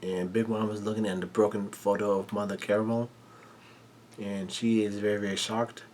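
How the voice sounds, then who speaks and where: A man casually recapping a manga chapter in halting, run-on sentences full of "and" and "uh" fillers. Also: lowish voice, little pitch movement, darkish tone, a little hiss or hum.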